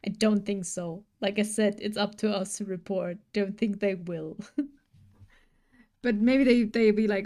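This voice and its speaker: A woman's voice: mid-range voice, fairly even intonation, unhurried, dark tone. A woman chatting casually on a live stream while she draws, rambling and musing aloud to her viewers. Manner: rambling, musing aloud, hums and sings along between remarks.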